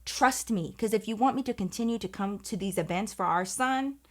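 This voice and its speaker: A woman vlogger telling a dramatic personal story in casual, profane, animated speech. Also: mid-range voice, brisk. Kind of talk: storytime vlog, casual chat.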